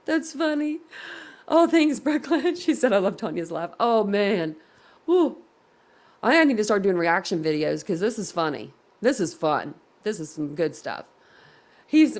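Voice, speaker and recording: A woman's voice: mid-range voice, gravelly. A woman hosting a casual live reaction stream, giggling constantly and laughing to tears. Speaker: livestream host. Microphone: computer at desk.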